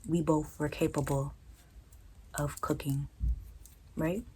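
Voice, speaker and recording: A young woman vlogging close to the mic, ranting casually in a blunt, profane, animated way. Her voice sits low and mellow, and it jumps into high incredulous tones now and then. A faint hiss runs under her speech. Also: slow pace, poor audio. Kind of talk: casual storytelling rant.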